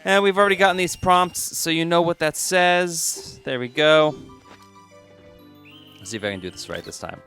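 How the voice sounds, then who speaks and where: A man's voice: on the high side, normal speed, fairly bright tone, soft background music. A man giving casual, jokey gameplay commentary as a let's play host, chatting to the game as he plays.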